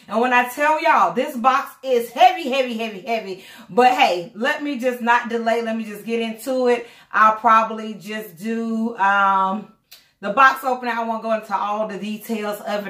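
A chatty, excitable woman vlogger, a bit out of breath and rambling as she opens a box. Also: fairly high pitch. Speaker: vlogger, doll collector. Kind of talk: casual unboxing vlog. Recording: echoey room.

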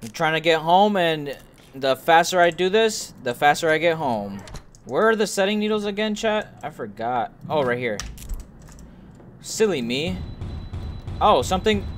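A young man streaming a horror game, joking and swearing to his chat as he plays, and shouting when something startles him. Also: a little high, animated, unhurried, long pauses, soft background music. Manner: joking, profane, talks to himself. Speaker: gaming streamer. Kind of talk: let's play commentary to chat.

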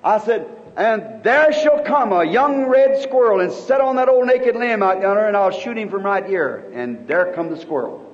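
On what sounds like a muffled old sermon recording, a very high-voiced preacher in his fifties speaks expressively. His storytelling is earnest and halting, with frequent sentence restarts, and a long reverb from the hall trails his words.

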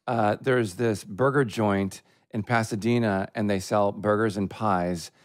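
A man co-hosting a casual podcast, excitable and quick to gush. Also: on the low side, dry recording, clean studio sound. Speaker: podcast co-host.

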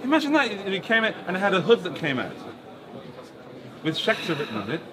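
A man's voice: sits high, wildly swooping pitch, fast talker. A man with a West Country English accent, a host making dry, wry jokes in casual banter. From West Country, England. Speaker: YouTube host. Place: busy indoor guitar trade show. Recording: loud crowd chatter behind.

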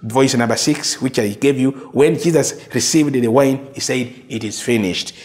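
A man preaching a sermon, slow and emphatic, repeating phrases and dropping to soft quotes. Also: mid-range voice.

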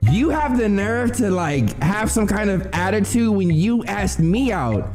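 A young man who streams, roasting cartoon clips in a slangy, animated style and calling his chat "bro.". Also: sits high, unhurried, soft background music. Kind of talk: casual comedic commentary.

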